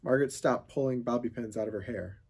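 A man reading a children's chapter book aloud, with steady storytelling narration. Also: medium pitch, fast talker, slightly rough. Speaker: reader of a children's novel.

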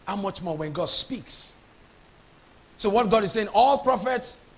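A pastor delivers a sermon in a notably high voice. He presses his points hard, repeats phrases and keeps asking the congregation whether they are following. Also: lively intonation, measured pace, pauses often. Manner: emphatic preaching with repeated phrases and questions to the congregation.

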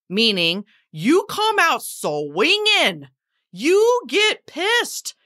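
A woman hosting a solo podcast as a former therapist, talking casually and emphatically, swinging between punchy loud bursts and slow quiet stresses. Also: mid-range voice.

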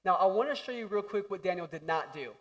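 A young man preaching a lively, jokey sermon in a church hall, acting out voices and shouting for emphasis. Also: sits high, fast, recorded from a distance. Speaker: pastor.

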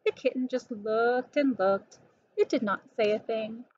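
A woman slowly and deliberately reading a children's picture book aloud. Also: fairly high pitch, darkish tone, dry recording. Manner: slow, clear and deliberate. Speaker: storybook reader. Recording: dull lo-fi recording.

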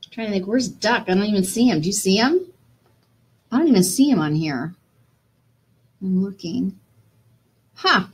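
A woman's voice: medium pitch, animated, normal speed, long pauses, slightly rough. A woman teacher reading a picture book aloud to children, chatty and encouraging, asking her listeners questions.

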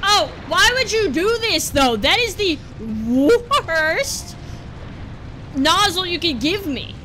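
A young woman commentating a platform game as a let's play host, exasperated and breaking into shouty outbursts, over game music. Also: very high voice, very animated, slow pace, a little hiss or hum. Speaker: gaming channel host.

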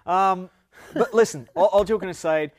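Brief: male co-host, playful banter, slightly high voice, dry close sound. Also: moderate pace, no echo. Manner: jokey, upbeat, frequent laughs. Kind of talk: casual chat.

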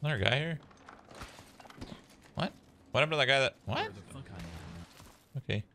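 A young man streaming a shooter game, reacting with excitable, profane outbursts and shouts as he plays. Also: medium pitch, moderate pace, slight background noise. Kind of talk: live gameplay commentary. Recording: loud game gunfire behind voice. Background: loud in-game gunfire and clicks.

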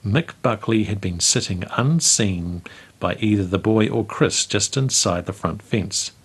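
A man reads a memoir aloud at an unhurried, storytelling pace. His voice is husky and sits a little low. He hosts the segment as its narrator. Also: lively intonation. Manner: measured, storytelling delivery. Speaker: host reading local history stories.

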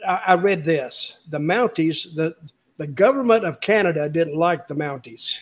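A male podcast host who chats in a folksy, easygoing way and encourages his guest. His voice sits fairly high. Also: expressive, normal speed. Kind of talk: casual chat.

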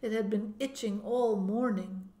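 A woman narrating an audiobook, telling the story in a measured way. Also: medium pitch, fairly even intonation, dark tone. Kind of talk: audiobook reading. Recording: roomy echo.

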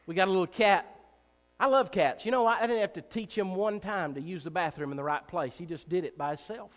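A man preaching a sermon in a church, emphatic and repetitive, swinging between loud and soft, with joking asides. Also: high-pitched, fairly quick. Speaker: pastor. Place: church sanctuary. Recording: reverberant church hall.

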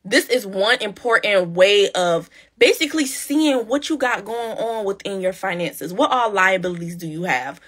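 Bright-voiced woman giving money advice. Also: medium pitch, expressive, normal speed, hardly any pauses. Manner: repeats key phrases for emphasis, chatty and direct. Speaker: podcast host. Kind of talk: casual motivational talk.

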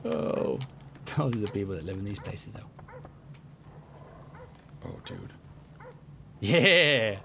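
Goofy gravelly man playing a game. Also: on the low side, sing-song, slow, long pauses, pushed and bright, slight background noise. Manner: goofy, joking, rambling. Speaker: gameplay commentator. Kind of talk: let's play commentary.

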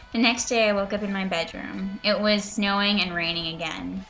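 Bright-voiced sarcastic woman reading aloud. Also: medium pitch, fairly even intonation, normal speed, few pauses, faint music behind. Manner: sarcastic, profane, exasperated asides. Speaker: reader and commentator. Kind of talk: reading a fanfiction aloud with mocking commentary.

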